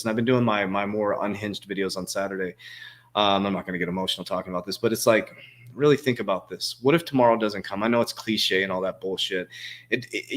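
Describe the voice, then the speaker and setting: Rambling, profane man in his forties, fairly low voice. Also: a bit bright. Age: 40s. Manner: rambling, profane, frequent fillers and restarts. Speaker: crypto coach answering viewer questions. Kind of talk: casual livestream Q&A.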